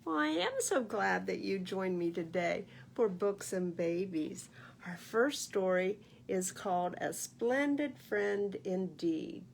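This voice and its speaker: A woman librarian reading picture books aloud at a baby storytime, animated and sing-song, talking to little listeners. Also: medium pitch, slow pace, creaky, slight background noise. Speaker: children's librarian.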